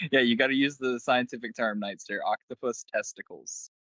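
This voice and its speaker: A man's voice: medium pitch, moderate pace, fairly bright tone, no echo. A man co-hosting a casual podcast, teasing the others and giggling, sometimes stumbling as he reads facts aloud. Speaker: podcast co-host.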